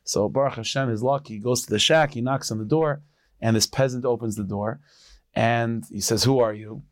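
A man, a rabbi, telling a folk tale in a relaxed, conversational way, often restarting and repeating words. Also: medium pitch, moderate pace, no echo. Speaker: storyteller rabbi. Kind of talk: storytelling.

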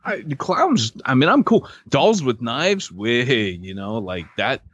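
A man's voice: medium pitch, slow pace, highs cut off. A man in his forties, a podcast co-host telling a story in casual chat and acting out the voices. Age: 40s. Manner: animated storyteller, acts out voices.

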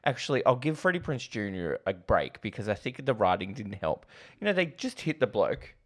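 A man's voice: fairly low pitch, sing-song, fairly quick. A man co-hosting a casual film podcast, laughing and acting out scenes from the movies he talks about. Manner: laughing, acts out scenes in quotes. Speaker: podcast co-host.

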